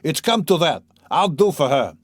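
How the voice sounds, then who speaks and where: A man reading an audiobook, voicing a young, drunken, brutal peasant carter who shouts and bullies. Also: fairly high pitch, animated, normal speed, no echo, clean studio sound, voice pushed up. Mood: furious. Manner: shouting, bullying.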